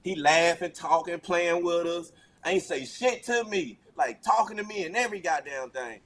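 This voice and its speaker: High-voiced man telling rowdy stories. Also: normal speed, a crowd in the background. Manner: animated, acts out quotes loudly. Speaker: guest. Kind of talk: casual podcast storytelling. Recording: background noise.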